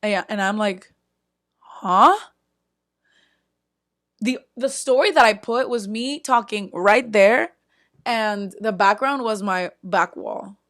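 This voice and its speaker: A young woman vlogging, casually telling a story with many "like"s and sudden loud bursts of disbelief. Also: medium pitch, a little slow. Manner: frequent filler "like" and restarts, chatty.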